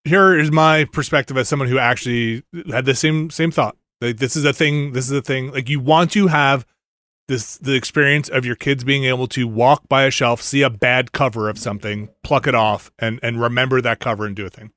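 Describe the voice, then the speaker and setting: A middle-aged man hosting a podcast, rambling and animated with lots of fillers and restarts. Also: mid-range voice, brisk, no room sound, clean studio sound. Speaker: podcast host. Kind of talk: casual chat.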